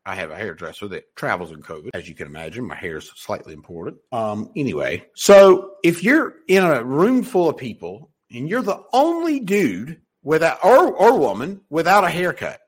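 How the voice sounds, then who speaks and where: A man's voice: medium pitch, huge pitch swings, normal speed, hardly any pauses, slightly rough. A man hosting a podcast and coaching on sales, talking loosely with frequent swearing and many restarts. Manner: loose, profane, many restarts and self-corrections. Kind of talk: casual motivational talk.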